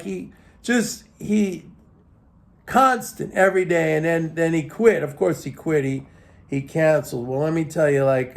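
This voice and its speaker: A man's voice: a little high, creaky, a little mellow. A man, a market commentator, talking through his thoughts in a rambling casual monologue, repeating himself and filling with "like" and "okay?".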